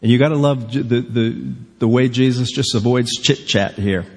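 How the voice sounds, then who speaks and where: A man's voice: mid-range voice, moderate pace, husky. A male pastor delivering a sermon in an earnest, conversational way, often posing rhetorical questions to the congregation. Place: church sanctuary. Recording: long reverb of a large hall.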